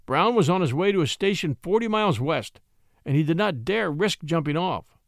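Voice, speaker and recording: A man reading an old-time adventure story aloud in an expressive, dramatic way. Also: a little high, normal speed, vocal fry, no echo, clean studio sound. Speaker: audiobook reader.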